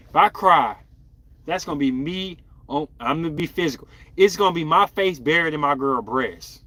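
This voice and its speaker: A man hosting a podcast, chatting casually and bluntly in slang with animated outbursts as he reacts to viewer comments. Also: mid-range voice, normal speed. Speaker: podcast host.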